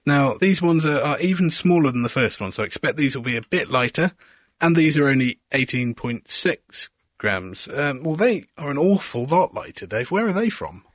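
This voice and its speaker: A man hosts a hands-on science demonstration, asking leading questions and talking through every step as it happens. His voice sits at an ordinary pitch and sounds close and dry, with no room around it. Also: lively intonation, normal speed, dry recording. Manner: curious, asks leading questions, narrates each step. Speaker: radio science show presenter.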